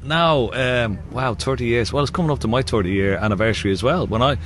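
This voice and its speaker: A man's voice: mid-range voice, fast, a bit bright, a little hiss or hum. Chatty Irish man who laughs often. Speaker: guest, former sports champion. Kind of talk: casual radio interview chat.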